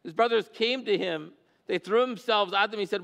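A male pastor preaching in a church sanctuary, his voice rising and falling as he drives his points home. His tone is smooth and resonant. A long reverb from the large hall hangs behind his words. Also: sits high, brisk. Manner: animated preacher, voice climbing and dropping for emphasis. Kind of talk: expository sermon.

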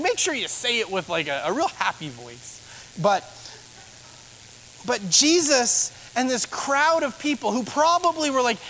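A man's voice: very high voice, sing-song, moderate pace, fairly bright tone, a little hiss or hum, low-quality recording. A man, a pastor, preaching a sermon in a conversational way, asking rhetorical questions.

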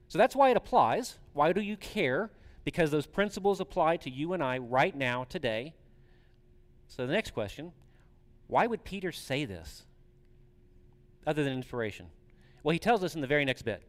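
Man, pastor, conversational sermon, lively rising and falling pitch, fairly high voice, long hall reverb. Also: moderate pace. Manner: conversational, asks the congregation questions.

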